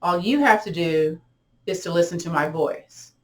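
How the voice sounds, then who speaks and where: Middle-aged female yoga teacher, lower voice, gentle guided meditation with counted breaths. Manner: slow, soothing cues with counted breaths. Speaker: yoga and tai chi instructor.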